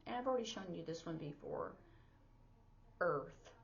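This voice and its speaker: A woman with a lowish voice gives a relaxed, chatty lesson, explaining each sign one step at a time and pausing on "um" as she thinks. The recording sounds dull and lo-fi. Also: vocal fry. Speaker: sign language teacher. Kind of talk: casual instructional lesson.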